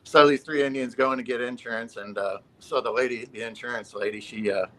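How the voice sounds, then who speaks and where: Bright-voiced laid-back male guest. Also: medium pitch, fairly even intonation, a little fast, poor audio. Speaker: panel guest. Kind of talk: casual chat and joke telling.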